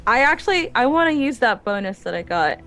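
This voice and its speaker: A woman's voice: a little high, very animated, brisk, fairly bright tone, faint music behind. Chatty female tabletop player. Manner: hesitant, lots of "like" and "kinda" fillers. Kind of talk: casual play at a tabletop game.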